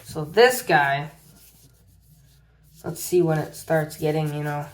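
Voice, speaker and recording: Speaking slowly in a steady, fairly high voice, a man rambles through a casual power bank review on his channel. He keeps repeating himself as he goes over the tests, leaning often on "as you can see."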